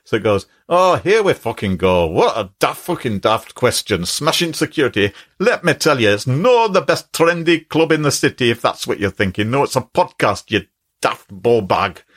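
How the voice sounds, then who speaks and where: A man's voice: medium pitch, sing-song, normal speed, fairly bright tone. Man putting on a sweary Glaswegian chatbot. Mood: scornful. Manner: blunt, sweary, mocking. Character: foul-mouthed rude Scottish AI chatbot.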